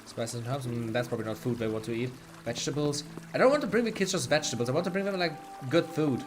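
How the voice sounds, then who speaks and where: German-accented male streamer, mid-pitched, chatty and laughing, game music soft underneath. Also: lively intonation, quick pace. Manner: chatty, laughs often, thinks aloud. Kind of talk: casual gameplay commentary.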